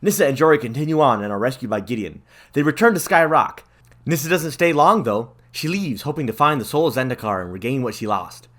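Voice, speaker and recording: A man retells a fantasy story in a breezy, jokey way, full of casual slang, as a comedic recap. He talks fast, and his pitch jumps all over the place. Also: lively intonation, a bit bright. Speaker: storyteller and channel host.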